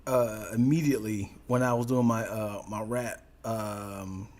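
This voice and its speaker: A man's voice: fairly low pitch, fairly even intonation, unhurried, darkish tone. A man co-hosting a casual podcast, telling stories with animation and pushing back with questions. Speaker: podcast co-host. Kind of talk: casual chat.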